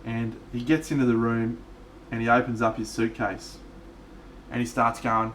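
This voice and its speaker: A man's voice: medium pitch, flat delivery, moderate pace, fairly bright tone, distant mic, a little hiss or hum. A man telling rambling stories to his stream chat, swearing freely and laughing along. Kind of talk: casual storytelling to stream chat.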